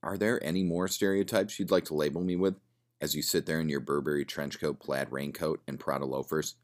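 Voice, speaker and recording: A man's voice: extremely low pitch, fairly even intonation, brisk. A man voicing a prickly, well-off woman who answers defensively in a bar. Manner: defensive, sharp retorts.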